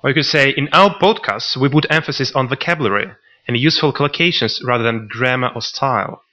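A man co-hosting a podcast, teaching vocabulary in a scripted lesson and reading out example sentences in a measured way. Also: mid-range voice, bright, forceful tone. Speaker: podcast co-host. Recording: dull lo-fi recording.

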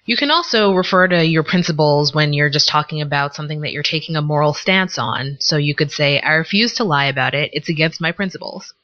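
A woman co-hosting a podcast, teaching vocabulary in a scripted lesson and explaining words with example sentences in a measured way. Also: low voice, lively intonation, fairly bright tone. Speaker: podcast co-host. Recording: dull lo-fi recording.

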